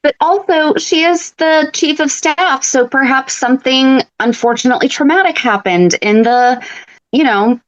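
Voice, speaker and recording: A woman co-hosting a podcast in casual chat, speculating in quick, chatty bursts. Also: high voice, dull audio. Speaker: podcast co-host.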